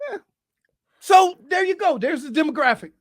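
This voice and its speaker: A man's voice: very high voice, moderate pace, no echo. A man co-hosting a sports radio show, telling stories and arguing in casual studio banter. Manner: animated storyteller, interrupts often.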